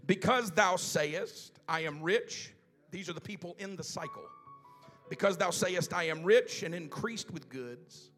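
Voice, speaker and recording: A man preaching a sermon in church, reading scripture slowly with drawn-out emphasis and building to loud, fervent exhortation. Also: high-pitched, faint music behind. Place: church sanctuary.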